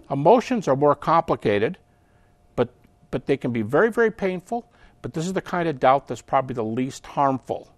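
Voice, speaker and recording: A man talks as an interview guest in a voice of middle pitch, explaining with energy. He keeps stepping into little acted-out voices to make his points. The sound is dry and close, with no room around it. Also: no room sound. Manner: animated, acts out quoted voices.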